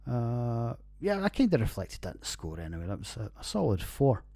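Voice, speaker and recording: A Scottish man in his forties talks through a casual podcast review, rambling and swearing freely and laughing at his own jokes. His voice sits at a middle pitch. It is recorded dry and close on a home computer. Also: wildly swooping pitch, a little fast, vocal fry, mellow, dry recording. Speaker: podcast host. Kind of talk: casual beer review monologue.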